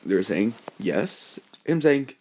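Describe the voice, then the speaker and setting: A man's voice: on the low side, big pitch swings, slow, darkish tone, a little hiss or hum. A young man narrating a fan story off the cuff, rambling with many fillers and self-corrections.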